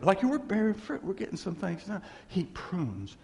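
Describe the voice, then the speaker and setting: Man, pastor, sermon, animated, fairly high voice, echoey hall. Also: moderate pace, creaky. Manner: animated, laughing, acts out voices in quotes. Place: church.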